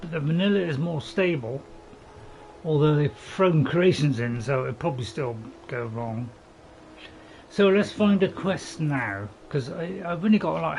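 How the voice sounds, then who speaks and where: Crickets and insects buzz steadily under this rough recording of a man streaming a game. His voice is a little high and a little mellow, and his easygoing gameplay commentary rambles, with him interrupting himself and starting sentences over.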